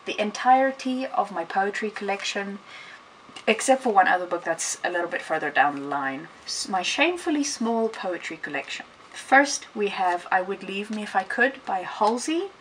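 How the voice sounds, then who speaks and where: A woman's voice: mid-range voice, lively intonation, moderate pace, distant mic, low-quality recording. A woman chats her way through a casual bookshelf tour vlog, rambling and correcting herself as she goes. Her voice sits a little back from the camera mic in a room at home. A faint hiss runs underneath. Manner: chatty and rambling, with self-corrections. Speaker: vlogger.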